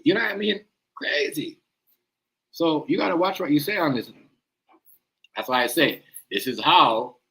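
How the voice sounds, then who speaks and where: Bright-voiced man rambling on a stream. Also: on the high side, creaky, poor audio. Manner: rambling slang-heavy talk, repeats "you know what I mean". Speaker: live-stream host. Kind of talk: casual commentary live stream.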